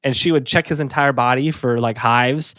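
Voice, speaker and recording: A man's voice: medium pitch, fairly even intonation, normal speed, fairly bright tone, dry recording, clean studio sound. Breathless man rambling through a story. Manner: rambling, many fillers and restarts, laughs easily. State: out of breath, a little sick. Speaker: podcast co-host telling the story. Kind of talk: casual storytelling chat. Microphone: podcast mic, pointed down.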